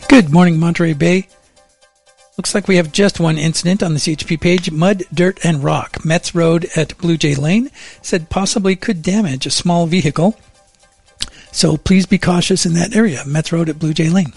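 A man's voice: fairly high pitch, normal speed, gravelly, breathy edge, no echo, faint music behind. A middle-aged man on morning radio, chatting wryly with his co-host and then reading traffic and weather from a studio mic. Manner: chatty, wry, then steady report reading. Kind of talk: casual radio chat and traffic report.

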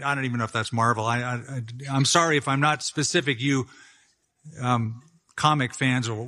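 A man's voice: on the high side, sharp tone. An older man, a pastor, preaching an emphatic sermon with chatty asides.

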